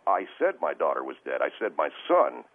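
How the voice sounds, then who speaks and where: On a phone-line call to a radio show, a man with a low, gravelly voice and a breathy edge talks fairly quickly, his pitch swooping wildly. He comes across as defensive and rambling, stammering through the call-in conversation.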